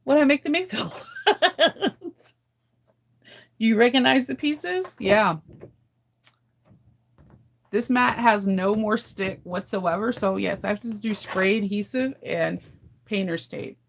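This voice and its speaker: A woman's voice: mid-range voice, slow, gravelly, pauses often. A woman from California hosting a casual livestream, chatting candidly with viewers and laughing often. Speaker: livestream host. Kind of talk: casual chat with live viewers.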